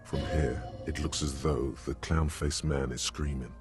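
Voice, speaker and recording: A man voicing a solemn game narrator in scripted dramatic narration, deep and gravelly. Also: fairly even intonation, measured pace, over music.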